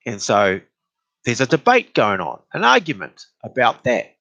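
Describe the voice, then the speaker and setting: A man telling a story about an argument in a casual, exasperated way. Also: dry recording. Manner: animated, exasperated retelling with rising pitch.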